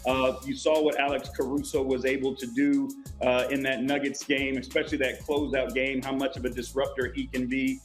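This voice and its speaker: A man, a basketball coach appearing as a guest, giving measured analysis with frequent hesitations. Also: mid-range voice, level tone, faint music behind. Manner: thoughtful, measured, frequent "uh" fillers. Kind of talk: analytical sports chat.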